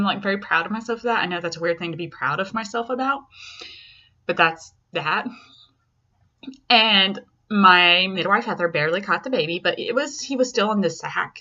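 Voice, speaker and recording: A young woman casually telling the story of her son's birth, chatty and candid, acting out other people's lines with big leaps in pitch. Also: sharp tone, highs cut off. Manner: candid and self-deprecating.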